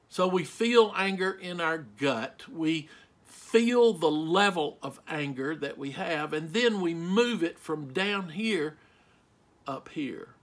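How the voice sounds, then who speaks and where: A middle-aged male pastor preaching a sermon, slow and emphatic, asking the listeners rhetorical questions. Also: sits high, a bit bright.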